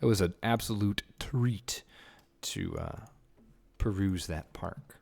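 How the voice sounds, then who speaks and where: A man's voice: low voice, wildly swooping pitch, slow pace, vocal fry, a little mellow. A man streaming a building game, chatting casually with viewers and muttering to himself in a self-mocking way. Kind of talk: casual livestream chat while building.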